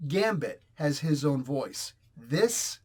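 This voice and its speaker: A man reviews a comic book in a blunt, rambling, exasperated rant. His voice sits slightly high for a man. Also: very animated, slow, darkish tone, breathy edge. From New Jersey, US. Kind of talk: casual ranting review.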